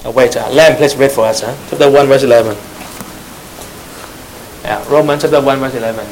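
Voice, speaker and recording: A man's voice: mid-range voice, steady tone, brisk, a little mellow, a little hiss or hum, low-quality recording. A man with preaching a sermon to young church members, repeating phrases, questioning the audience and adding teasing asides.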